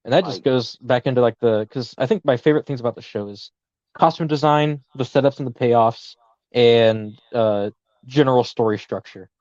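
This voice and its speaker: A man's voice: mid-range voice, normal speed, darkish tone, no room sound, highs cut off. A young man co-hosting a casual podcast, rambling with lots of fillers and easy laughter. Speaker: podcast co-host.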